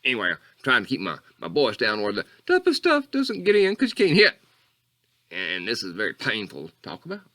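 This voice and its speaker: A man's voice: wildly swooping pitch, a little fast, sharp tone, exaggerated voice. A man doing a rambling bayou catfish character. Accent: Southern US (Louisiana bayou). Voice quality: folksy drawl, wildly swooping pitch. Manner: meandering, digressive, mock-earnest storytelling. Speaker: comedy character host. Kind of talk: character monologue.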